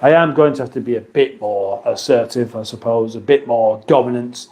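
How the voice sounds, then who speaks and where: A man's voice: mid-range voice, normal speed, mellow, a little hiss or hum. A man with an English accent hosting a casual live stream from his kitchen, reading viewer comments aloud with dry, playful banter. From England. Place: home kitchen.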